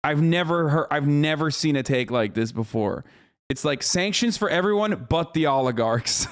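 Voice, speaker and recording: Guy with a high voice going off on a cable news clip, swearing a lot. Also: expressive, moderate pace, smooth. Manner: profane, exasperated ranting. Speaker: streamer reacting to a news clip. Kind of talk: heated reaction commentary.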